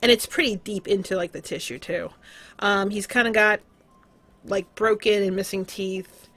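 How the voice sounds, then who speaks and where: A woman's voice: mid-range voice, steady tone, normal speed, fairly bright tone. A woman narrating as game master of a tabletop game, casual and loose, with frequent fillers.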